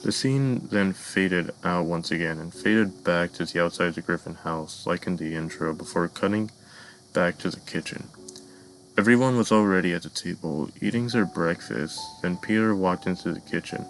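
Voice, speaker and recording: A man narrating a dark fan-made cartoon story in a measured storytelling voice, sometimes addressing the listeners. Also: sits low, slight background noise, low-quality recording.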